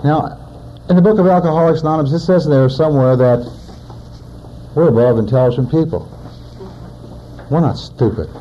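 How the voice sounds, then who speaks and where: A man's voice: on the high side, normal speed, pauses often, dark tone, highs cut off, a little hiss or hum. A man in his forties, a recovering alcoholic, giving a personal testimony in a plainspoken storytelling manner with wry humor. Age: 40s.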